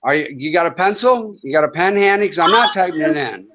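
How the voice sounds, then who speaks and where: High-voiced man sneering at trolls. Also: animated, fast, background noise. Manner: profane, taunting and sarcastic. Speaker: livestream host. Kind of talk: heated livestream rant at chat trolls. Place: home in Thailand. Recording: dull lo-fi stream audio.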